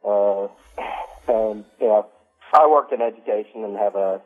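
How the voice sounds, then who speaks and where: A man's voice: on the low side, unhurried. A male caller comes through a thin, phone-like line with faint music underneath. He talks in a hesitant way, with frequent ums and uhs between his thoughts. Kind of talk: casual call-in chat.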